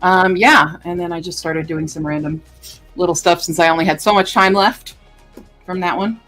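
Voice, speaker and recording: A woman livestreamer chatting casually with her viewers, rambling and filling pauses with lots of ums and uhs. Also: on the low side, steady tone, a bit bright, faint music behind. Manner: chatty and rambling, with many fillers. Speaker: livestreamer greeting chat. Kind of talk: casual live-stream chat.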